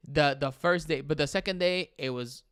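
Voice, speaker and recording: A young man hosts a casual livestream, chatting with viewers and reading their comments aloud. He switches easily between English and Spanish in an animated way. His voice sits a little high, smooth and clear, recorded dry and close. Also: moderate pace, no room sound. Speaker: livestream host.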